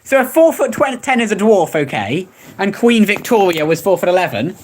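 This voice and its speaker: With big pitch swings and a slightly mellow, mid-range voice, a young adult streamer reads search results aloud at a moderate pace, rambling and laughing at the finds. It's a casual chat with slight background noise.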